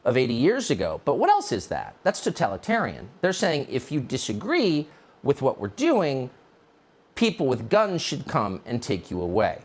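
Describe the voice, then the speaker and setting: An American man delivers a mocking, indignant monologue as a political commentator. His pitch swings widely, from low grumbles to sudden high jabs. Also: wildly swooping pitch, moderate pace. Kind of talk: opinion monologue.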